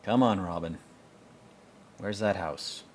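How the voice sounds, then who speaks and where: A man's voice: deep voice, slow, a little hiss or hum. A man hosting a podcast, giving casual, rambling, blunt movie commentary with plenty of fillers and swearing. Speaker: podcast host.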